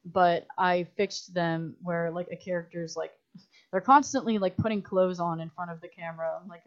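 A woman chats on a podcast in a low-pitched voice, spinning animated stories full of fillers and quoted dialogue. The audio is dull and lo-fi, like a budget podcast recording. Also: moderate pace. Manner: animated storytelling, many "like"s, acts out quotes. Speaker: guest filmmaker. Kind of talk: casual podcast chat.

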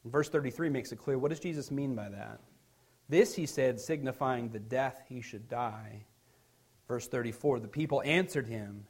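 A man's voice: mid-range voice, moderate pace, darkish tone, slightly rough. A man preaching a sermon as pastor, reading scripture aloud with rising emphasis and explaining it in a conversational tone.

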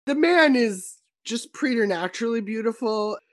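A woman's voice: on the high side, expressive, moderate pace, dry recording. Woman, podcast host, casual film chat, enthusiastic, opinionated, dry close sound.

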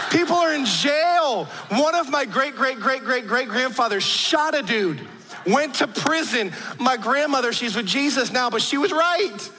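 A man's voice: very high voice, pushed and bright. A man preaching a sermon, telling stories earnestly with frequent restarts. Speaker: pastor. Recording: long hall reverb.

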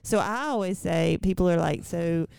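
A woman's voice: fairly low pitch, normal speed, vocal fry, a little mellow, smooth, no echo. A woman co-hosting with her pastor husband, chatting casually and reflectively. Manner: chatty, reflective, many restarts. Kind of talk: casual chat.

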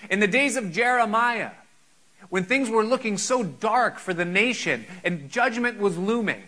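High, bright-voiced male preacher. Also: animated, measured pace, poor audio. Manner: rhetorical, questioning, earnest. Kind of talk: sermon.

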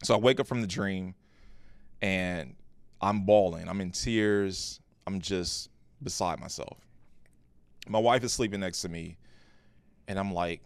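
A man, a pastor co-hosting a podcast, telling a personal story in an earnest, animated way with frequent restarts. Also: low-pitched, unhurried, pauses often, no room sound. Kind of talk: casual podcast conversation.

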